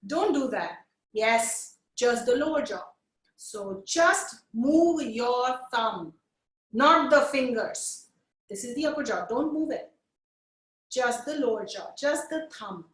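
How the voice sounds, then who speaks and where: High-voiced woman teaching puppetry. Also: slow pace, echoey room. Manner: energetic, coaxing, counts along with viewers. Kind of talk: live webinar instruction. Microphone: video call.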